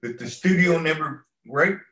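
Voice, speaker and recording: With a voice on the high side and a moderate pace, a stunt coordinator being interviewed rambles through a long story and acts out people's words. His tone is a bit bright, and the low-quality recording is reverberant.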